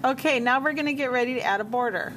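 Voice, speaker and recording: A woman teacher walking a class through a software task step by step, repeating menu names as she checks her work. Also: high-pitched, fast talker, noisy background. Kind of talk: software tutorial walkthrough.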